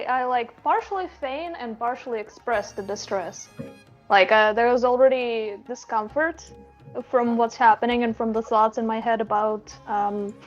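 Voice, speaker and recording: Female player, hesitant, higher voice, dull mic, light music. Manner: hesitant, thoughtful, describes her actions. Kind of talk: in-character tabletop play.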